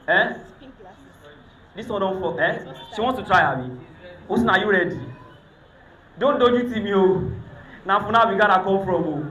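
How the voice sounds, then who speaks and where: Bright-voiced Nigerian emcee with a teasing manner. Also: male voice, high voice. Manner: teasing, mixes pidgin and Yoruba, calls out to crowd. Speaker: event host, master of ceremonies. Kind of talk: lively emcee banter with audience. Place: event hall. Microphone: handheld microphone. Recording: echoey event hall.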